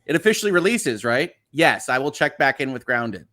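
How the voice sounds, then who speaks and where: A man's voice: mid-range voice, very animated, fairly quick, pushed and bright. Easygoing Chicago-accented man chatting on a livestream. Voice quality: slightly nasal. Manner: rambling and friendly, many "uh" fillers and restarts. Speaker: livestream host. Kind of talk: casual livestream chat, reading viewer messages aloud.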